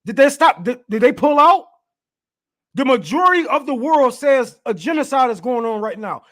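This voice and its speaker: A man's voice: very high voice, lively intonation, normal speed, fairly bright tone. A man giving a casual political rant, profane and heated, laughing often as he talks. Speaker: political commentator.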